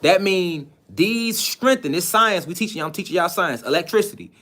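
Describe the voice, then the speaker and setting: A man delivers a sermon-like lecture. He presses his listeners with rhetorical questions, swinging between loud emphasis and quiet asides. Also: high-pitched, animated, moderate pace. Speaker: online teacher. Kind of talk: preaching lecture.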